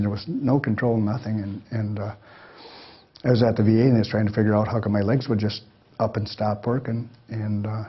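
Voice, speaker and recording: An older man tells his stories to a room in a folksy, rambling manner, chuckling as he goes. His voice is low and husky. The recording is dull and lo-fi. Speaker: speaker telling life stories to an audience. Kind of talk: storytelling talk.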